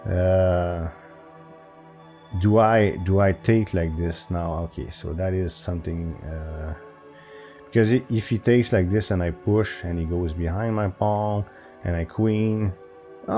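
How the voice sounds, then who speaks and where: A man thinking aloud while solving chess puzzles for his channel, hesitant and full of restarts. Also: a little mellow. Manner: hesitant, self-talking with restarts and pitch jumps. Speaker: chess video creator.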